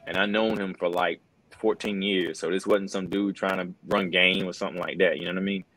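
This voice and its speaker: Deep-voiced man telling an earnest story. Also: steady tone, a little fast, a bit bright, low-quality recording. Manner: earnest, loose, peppered with "bro" and "man". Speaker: wrestling commentator and guest. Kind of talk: casual interview storytelling.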